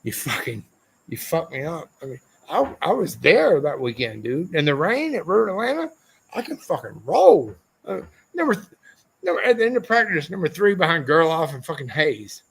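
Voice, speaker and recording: Loud, cursing ex-racer man telling stories. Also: fairly high pitch, normal speed, vocal fry, husky. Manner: loud, profane, animated storytelling with mock quotes. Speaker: podcast guest, former motorcycle racer. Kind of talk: unfiltered storytelling, heavy swearing. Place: podcast studio.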